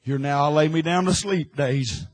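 A man preaching an impassioned sermon, swinging from hushed, quiet lines to loud, shouted ones. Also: a little high, moderate pace, low-quality recording.

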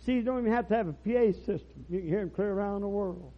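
Older preacher, husky and folksy. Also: male voice, high-pitched, fast talker. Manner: folksy storytelling, rising to loud preaching bursts. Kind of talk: rural revival sermon. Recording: dull lo-fi church recording.

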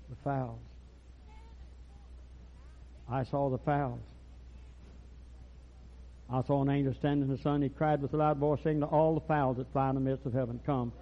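Older man preaching, husky, folksy storyteller, pitched a bit high, dull lo-fi recording. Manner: folksy storytelling, rising to loud preaching bursts. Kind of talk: rural revival sermon.

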